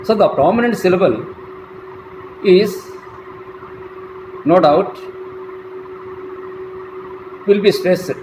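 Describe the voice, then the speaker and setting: Man lecturing slowly in an echoey room. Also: high voice, expressive. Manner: slow, deliberate, spells words out letter by letter. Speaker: college English lecturer. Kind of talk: classroom lecture. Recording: echoey room, faint traffic noise.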